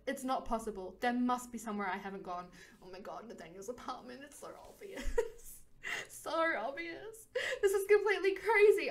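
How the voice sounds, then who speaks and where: Expressive woman reading a game aloud. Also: a little high. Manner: expressive, frequent laughs. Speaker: game streamer. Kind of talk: reading a visual novel aloud.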